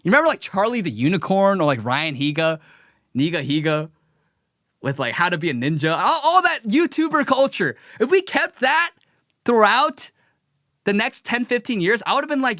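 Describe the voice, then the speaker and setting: A man hosting a live commentary show, talking in an animated, sarcastic way. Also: high voice, moderate pace, no echo, clean studio sound. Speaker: show host.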